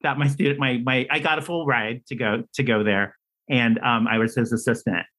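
A man telling a story as a guest on an interview show, chatty and animated, with his pitch sitting right in the middle for a man. He piles on restarts and "like" as he goes. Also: moderate pace, low-quality recording. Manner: animated storyteller, acts out quoted dialogue with big pitch jumps; talkative, many fillers and restarts. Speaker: playwright and screenwriter guest.

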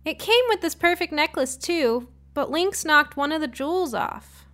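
A woman reading aloud and voicing an excited young girl on Halloween, exclaiming eagerly. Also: high voice, normal speed, voice pushed up.

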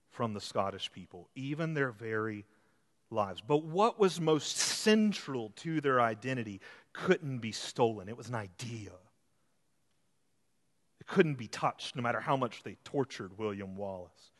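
A man preaching a sermon, swinging from hushed, slow passages to loud, emphatic build-ups. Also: mid-range voice, big-room sound. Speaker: pastor.

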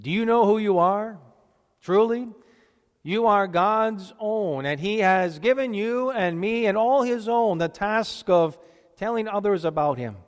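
A man reading scripture and preaching in a church, steady and deliberate, with measured pauses. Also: sits high, long reverb tail.

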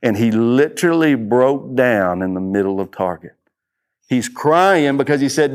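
A man's voice: mid-range voice, normal speed. A middle-aged man giving a conference talk, telling stories and repeating key lines for emphasis. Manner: storytelling, emphatic repetition. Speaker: speaker. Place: conference room.

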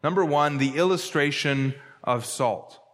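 A man's voice: a little high, measured pace. A male pastor preaching a sermon, stressing key words by repeating them. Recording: long hall reverb.

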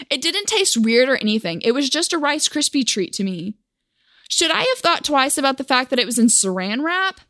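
A woman's voice: on the high side, a bit bright, no echo, studio quality. A young woman from Oklahoma telling a personal story for a vlog in a wry, self-mocking, chatty way.

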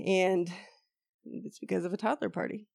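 A woman co-hosts a relaxed podcast chat, her voice hoarse and full of fry as she gets over a cold. She talks loosely and laughs a lot. The sound is close and dry. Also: fairly low pitch, moderate pace, dry recording. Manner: chatty, laughs often. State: hoarse from illness, vocal fry. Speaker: podcast co-host. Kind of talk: casual chat.

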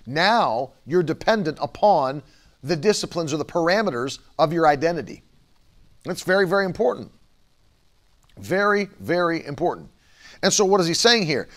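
High-voiced, emphatic male preacher. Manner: emphatic, repeats key phrases, acts out quoted voices. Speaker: pastor. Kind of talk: sermon.

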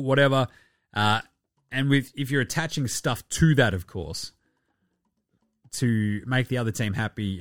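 A man's voice: mid-range voice, fairly bright tone, no room sound, studio quality. An Australian man hosting a basketball podcast, rambling through casual, slangy, profane banter. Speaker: podcast host.

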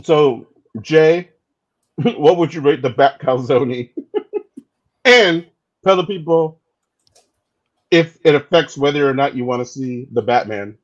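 Laughing podcast host, lo-fi. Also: male voice, a little high, slow pace, pauses often. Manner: laughs often, prompts guests. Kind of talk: casual chat.

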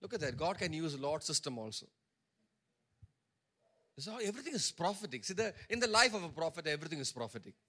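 A man's voice: fairly high pitch, big pitch swings, fast, pauses often, pushed and bright. A male pastor preaching a sermon, stressing points by repeating phrases and acting out the characters' words in his own voice. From India.

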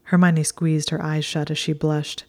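A woman reading a story aloud in a soft, hushed, steady whisper. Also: low-pitched, measured pace. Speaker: narrator.

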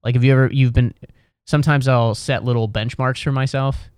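A man's voice: medium pitch, fairly even intonation, fairly quick, darkish tone, clean tone, no room sound, studio quality. A young man sitting at home in a chair, musing aloud in a meandering, wry comedic monologue full of restarts and self-corrections. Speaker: solo vlogger.

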